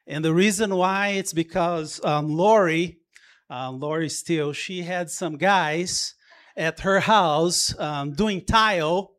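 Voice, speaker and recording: A man from Brazil with a Brazilian Portuguese accent, a pastor preaching a sermon to his church in a warm, halting way with many pauses and restarts. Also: fairly high pitch.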